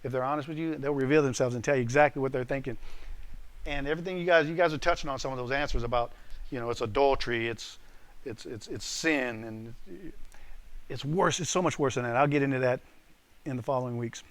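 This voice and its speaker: A man's voice: medium pitch, brisk. A man preaching to a live group as pastor, telling a story with lots of animation, quizzing his listeners and punching out the key lines.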